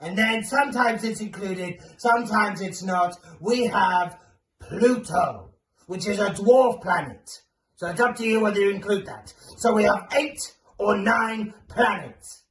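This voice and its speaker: A man's voice: high voice, unhurried, a bit bright. A man voicing Blur, a playful creature who teaches children and asks them to call back answers. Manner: bouncy and playful, calls for audience replies. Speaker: children's presenter. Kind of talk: children's theatre character. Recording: roomy echo, far from mic, faint hiss.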